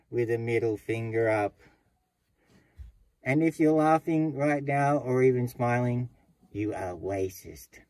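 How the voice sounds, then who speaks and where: A man's voice: medium pitch, a little slow, a little mellow, no room sound, low-quality recording. A man with an Australian accent telling a joke as a casual, rambling yarn. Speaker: joke teller.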